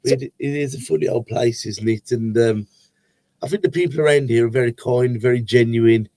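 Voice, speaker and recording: A man's voice: medium pitch, normal speed, a little mellow, no echo. A man hosting a podcast, asking questions in a casual, conversational interview. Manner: laughs easily, conversational. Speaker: podcast host.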